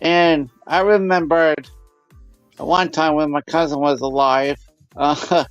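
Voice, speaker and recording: A man with a somewhat high voice tells a long, rambling anecdote and acts out each person's lines. His audio is dull and lo-fi, and it sounds very dry, with faint music behind him. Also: fairly even intonation, takes it slowly, clean tone, no room sound. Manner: rambling anecdotal storyteller who acts out what people said. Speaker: panel guest. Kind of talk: casual chat on a live stream.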